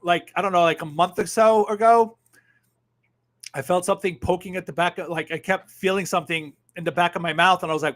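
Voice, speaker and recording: A man's voice: high voice, fairly quick. Sardonic fifty-something man chatting live. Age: 50s. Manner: sardonic, animated, swears freely, shifts between muttering and loud outbursts. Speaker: livestream host. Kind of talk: casual live chat reading viewer comments.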